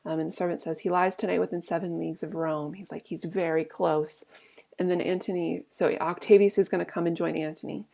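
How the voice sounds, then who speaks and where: A woman's voice: lowish voice, fairly even intonation, brisk, gravelly, dark tone. A woman teaching a play, reading each line aloud and then paraphrasing it in plain everyday talk. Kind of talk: casual read-aloud lesson with paraphrase.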